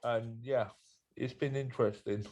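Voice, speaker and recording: A man co-hosting a podcast in casual chat, speaking in a dry, deadpan way. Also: medium pitch, unhurried, lo-fi sound. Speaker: podcast co-host.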